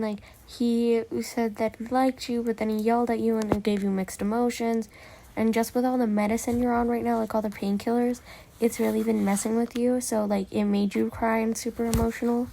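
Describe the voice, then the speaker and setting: A woman's voice: on the high side, dark tone, slight background noise. A young woman, a voice actor, narrating her listener role-play casually with lots of fillers. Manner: rambling, filler-heavy storytelling.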